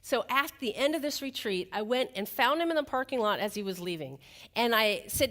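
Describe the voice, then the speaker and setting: A woman motivational speaker on stage, her voice high and swooping all over as she tells a personal story. She throws questions at the audience and keeps the energy up throughout. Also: lively intonation, a little fast, fairly bright tone. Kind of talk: live motivational keynote.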